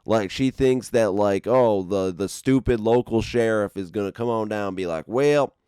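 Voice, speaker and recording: A man's voice: fairly low pitch, moderate pace, mellow, smooth, no echo. A man giving casual reaction commentary on a video, talking animatedly with frequent swearing, laughs and stammered restarts.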